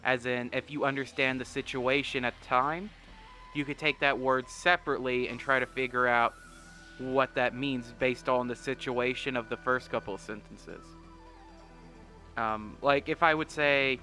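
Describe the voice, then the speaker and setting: Rambling, jokey young man with a bright voice. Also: medium pitch, steady tone, moderate pace, soft background music. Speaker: gaming commentator. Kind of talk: let's play commentary.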